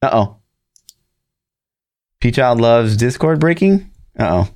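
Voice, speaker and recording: A man's voice: medium pitch, very animated, slow pace, darkish tone, dry recording, clean studio sound. A man co-hosting a casual gaming podcast, talking bluntly with lots of fillers and swearing. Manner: rambling, filler-heavy, blunt and profane. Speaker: podcast co-host.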